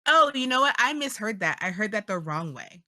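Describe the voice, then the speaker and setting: Woman, tabletop player, animated, bright tone, lively pitch. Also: fairly quick. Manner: animated, chatty. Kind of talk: casual tabletop chat.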